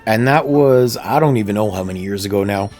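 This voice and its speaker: With soft music in the background, a man talks a little fast in a fairly low, darkish voice while streaming a video game. He chats casually, rambles and laughs a lot, speaking into a desk mic in a room at home near the plumbing.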